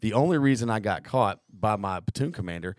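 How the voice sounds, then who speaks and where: A man's voice: on the low side, animated, fairly quick, darkish tone, no room sound, studio quality. Profane, rambling man hosting a podcast. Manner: profane, rambling war-story telling. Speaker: podcast host. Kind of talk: casual podcast chat.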